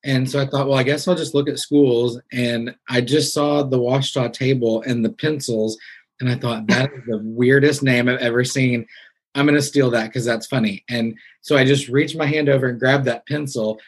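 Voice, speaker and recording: A man's voice: medium pitch, moderate pace, breathy edge. A man from Southwest Missouri, a podcast host being interviewed, chatting casually and animatedly acting out the people in his story. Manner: chatty, animated retelling with quoted voices.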